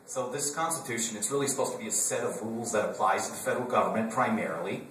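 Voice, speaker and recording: Before a live conference audience, a man from Wisconsin talks politics with humor and plenty of joking asides in a conversational way. He speaks fast and expressively in a fairly low, fairly bright voice. The distant recording of the roomy hall carries a little hiss or hum.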